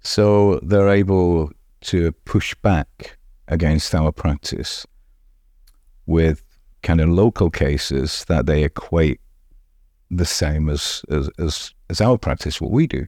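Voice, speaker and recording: Middle-aged man, festival founder, very low mellow voice, dry close sound, emphatic with restarts. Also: slow, no echo. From England. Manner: emphatic, repeats words when restarting. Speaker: street art festival founder. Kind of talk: podcast interview answers.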